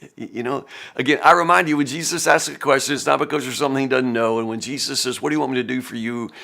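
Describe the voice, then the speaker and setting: A man giving a relaxed, folksy devotional talk on scripture. His voice has a gravelly edge. He repeats words and fillers freely and drops into little acted-out quotes as he goes. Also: medium pitch, fast. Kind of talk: casual Bible devotional talk.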